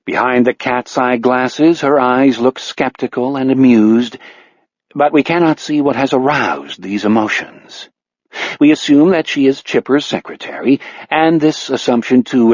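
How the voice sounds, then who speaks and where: A man narrating an audiobook in a wry, measured storytelling manner. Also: mid-range voice, no echo. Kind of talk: scripted narration. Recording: dry, slightly dull audiobook recording.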